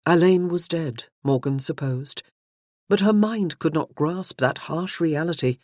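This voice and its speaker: An audiobook narrator reads a novel in scripted narration, keeping a measured, even storytelling manner. The voice is medium-pitched, and the recording is dry with clean studio sound.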